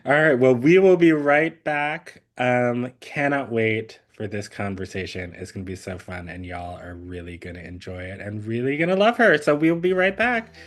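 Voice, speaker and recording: A man's voice: on the low side, expressive, normal speed, few pauses. A man in his thirties co-hosting a podcast, telling a story in a rambling casual way, with many fillers and frequent laughs. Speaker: podcast co-host. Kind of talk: casual chat.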